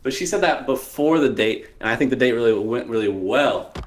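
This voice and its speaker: A man's voice: mid-range voice, expressive, a little fast, slight background noise. A medical student on a call, talking hesitantly and trailing off as he asks for dating advice. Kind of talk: casual conversation.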